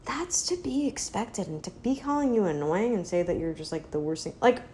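A young woman giving a casual, sardonic opinion monologue as a podcast host. She rambles, leans heavily on "like," and slips into a mocking high baby voice when quoting others. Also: animated, normal speed, mellow, a little hiss or hum. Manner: sardonic, rambling, heavy use of "like".

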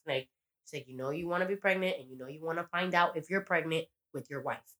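A woman's voice: sits low, fast talker, fairly bright tone. A woman casually recapping a TV episode on a podcast, rambling, swearing freely and acting out the characters' lines. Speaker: podcast co-host.

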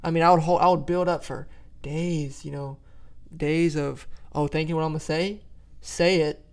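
Gravelly higher-voiced man, animated chat. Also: moderate pace. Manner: animated, searching for words. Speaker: podcast co-host. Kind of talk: casual faith podcast chat.

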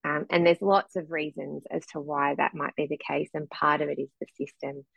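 A woman's voice: low voice, level tone, normal speed, gravelly, breathy edge, no room sound, rough recording. A woman, a guest musician talking earnestly and reflectively in a candid interview. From Australia. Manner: earnest, reflective, with frequent um fillers.

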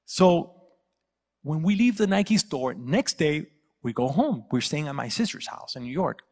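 A man's voice: on the high side, big pitch swings, a little slow, darkish tone, long reverb tail. A man preaching a sermon as a pastor, telling a story and acting out the people in it. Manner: storytelling, acting out quoted voices. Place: church.

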